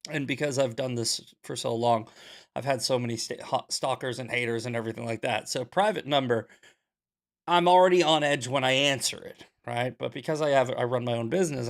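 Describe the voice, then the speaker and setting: A young adult man hosting a casual commentary show, blunt and sarcastic, telling stories in an animated way. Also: mid-range voice, vocal fry. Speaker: podcast host. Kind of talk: casual commentary, reading questions.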